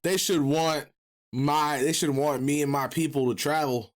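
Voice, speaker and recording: A man's voice: a little high, steady tone, a little slow, slight background noise. A male streamer reacting to a podcast, tossing slangy joking asides to his chat in a casual livestream.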